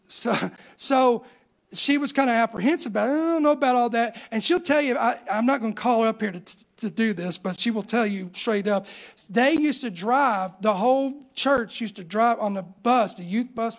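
A man's voice: very high voice, normal speed. A middle-aged man, preaching a sermon and telling his own story with rising emphasis. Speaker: pastor.

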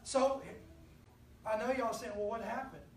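A woman preacher, telling a personal story to her congregation in a lively, conversational sermon. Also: fairly high pitch, measured pace, a little hiss or hum. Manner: storytelling, animated, addresses the congregation directly. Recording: echoey room from a distance.

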